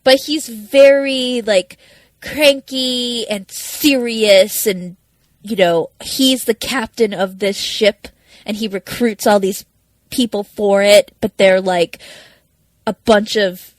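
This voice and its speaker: A woman co-hosting a podcast, chatting casually with quick asides. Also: mid-range voice, no echo. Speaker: podcast co-host.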